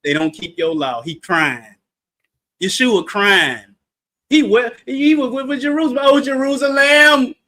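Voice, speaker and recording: A man leading a livestreamed Bible study in a playful, animated way, breaking into sudden shouts for emphasis and calling on listeners. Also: very high voice, unhurried.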